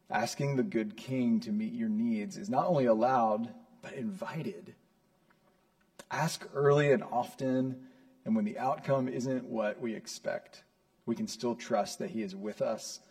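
A man's voice: mid-range voice, a little mellow. A man preaching a sermon as a pastor, earnest and building to emphatic peaks.

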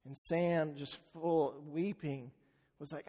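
A pastor preaching to his congregation in a slightly high voice, earnest and unhurried as he tells a story. He slows down and drops his voice on key phrases. The sound carries a long reverb from the church sanctuary. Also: fairly even intonation, fairly bright tone. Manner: earnest storytelling, slowing for emphasis. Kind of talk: sermon.

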